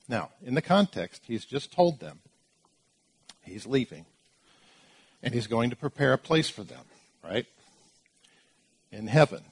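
A man's voice: mid-range voice, big pitch swings, a little slow, vocal fry, pauses often, breathy edge. A man preaching a sermon, teaching through Bible verses in an emphatic way, with asides and restarts as he explains.

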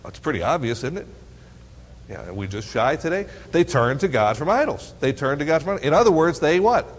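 A man's voice: a little high, brisk, slight background noise. A man teaching a Bible lesson to teens, reading verses aloud and quizzing his listeners with playful questions. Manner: asks the audience questions, teasing and lively. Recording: long hall reverb.

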